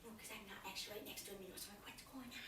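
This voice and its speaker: A woman's voice: mid-range voice, fairly even intonation, rapid-fire, far from the mic, natural voice. A young woman with a Wisconsin accent playing a chatty, flustered witness testifying in court, rambling and giggling through her story. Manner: rambling, giggly, breaks into loud laughs. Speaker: comedic character monologue. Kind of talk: improvised comic monologue. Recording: roomy, off-mic with faint noise.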